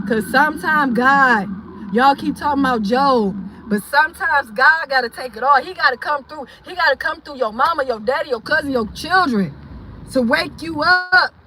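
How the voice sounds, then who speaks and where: A woman hosting her own channel, talking to viewers in an impassioned, preachy way that swings from shouting to low, muttered asides. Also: rough recording. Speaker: channel host. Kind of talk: impassioned livestream talk.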